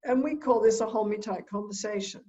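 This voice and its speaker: Woman therapist talking from home, earnest, repeats stuff, mid-pitched voice, dull lo-fi sound. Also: fairly quick, mellow. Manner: earnest, repeats key phrases, acts out quotes. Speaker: couples therapist and teacher. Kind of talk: lecture-style talk recorded at home. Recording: dull lo-fi recording.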